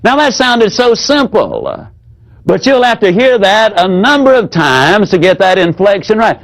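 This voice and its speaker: A man teaching a sales training seminar in a folksy, demonstrative way. He drops his voice low whenever he acts out an example. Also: poor audio.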